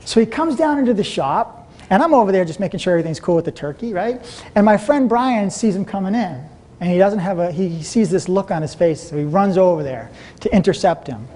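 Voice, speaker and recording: Animated man telling a seminar story. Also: high-pitched, fairly quick. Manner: storytelling, animated, laughing often. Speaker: seminar speaker. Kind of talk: motivational seminar talk to a live audience.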